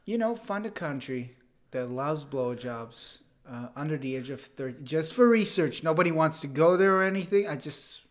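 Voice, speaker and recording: A man guesting on a podcast as a comedian, sarcastic and animated, swearing freely in casual chat. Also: on the high side, normal speed.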